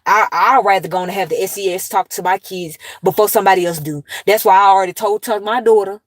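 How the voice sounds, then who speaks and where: A woman's voice: mid-range voice, fast, dry recording. A mother of two in her thirties talks straight at her viewers in a loose, blunt commentary rant, swearing freely and telling stories with plenty of life. Her voice sits in a middle range for a woman, and the recording is dry and close, with no room sound. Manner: blunt, heavy cursing, animated storytelling.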